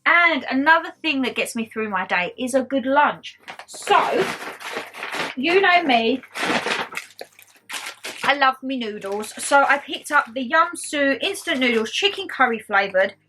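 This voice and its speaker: A woman's voice: high voice, expressive, unhurried, noisy background. A young woman with a mixed Essex and Geordie accent, chatting casually to camera about her shopping haul in a bubbly, rambling way. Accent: mixed Essex and Geordie English. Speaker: haul vlogger.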